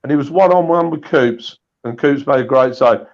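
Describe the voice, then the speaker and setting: A man swapping old anecdotes in a casual chat, animated and full of restarts. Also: medium pitch, moderate pace, highs cut off. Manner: animated storytelling with repeated restarts. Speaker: guest storyteller.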